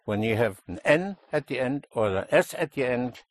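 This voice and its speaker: A man's voice: mid-range voice, expressive, moderate pace, dry recording. A man teaching a language lesson, explaining a stress rule patiently and stressing key words.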